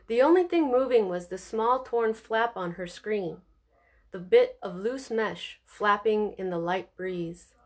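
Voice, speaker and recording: Lady reading her book out loud, kinda high voice, builds suspense. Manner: expressive, suspenseful storytelling. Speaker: author reading her own novel. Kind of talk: audiobook reading.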